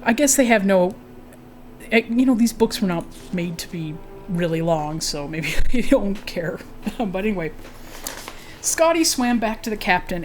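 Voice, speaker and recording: A woman's voice: medium pitch, a little mellow. Giggly woman reading a game book aloud. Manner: giggly, chatty asides between narration. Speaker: game streamer. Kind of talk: reading aloud and chatting while playing.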